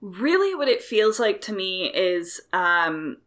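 A woman with a bright, forward voice talks through a film in casual conversation. She is animated, thinks aloud and fills her pauses with likes and ums. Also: medium pitch.

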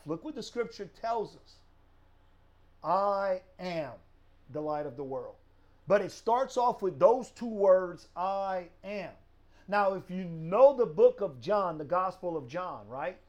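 A man's voice: sits high, a little mellow. A man teaching a Bible study lesson, explaining step by step with rhetorical questions and a frequent tag "right?".

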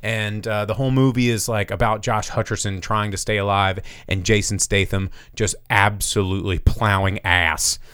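A man with a slightly low, smooth voice talks through a movie plot in a loose, profane chat. He keeps acting out characters' lines in quick put-on voices. The mic is close and dry. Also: flat delivery, a bit bright, dry recording. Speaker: podcast host reviewing movies. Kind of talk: casual movie review chat.

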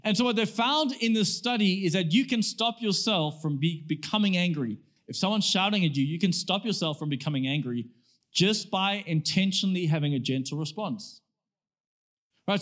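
Guy preaching a sermon, fairly high voice, chatty, lots of rhetorical questions. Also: a bit bright. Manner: acts out quoted comebacks. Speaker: pastor.

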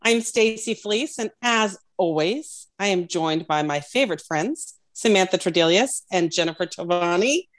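A woman hosts a casual podcast with friendly, self-deprecating banter. Her voice sits a bit low for a woman. She welcomes her co-hosts and introduces her guest. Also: expressive, normal speed, few pauses. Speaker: podcast host.

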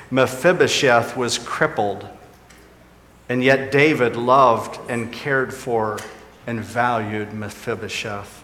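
A man's voice: mid-range voice, a bit bright, a little hiss or hum. Pastor guy preaching, lifts and drops his voice a lot, big echoey church hall. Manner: preaching, rising and dropping for emphasis. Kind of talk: sermon.

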